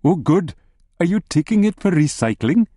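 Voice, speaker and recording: A man voicing a brisk, bossy wife who chides her husband in a bright, teasing way. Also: fairly low pitch, big pitch swings, slightly rough, no echo, studio quality, pitched above the performer's own voice. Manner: bright, chiding.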